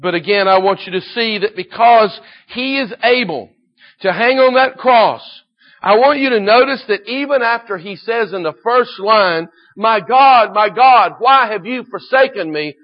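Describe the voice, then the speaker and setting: A man preaching a sermon, moving between quiet solemn scripture reading and loud fervent exhortation. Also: sits high, unhurried, muffled recording. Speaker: pastor.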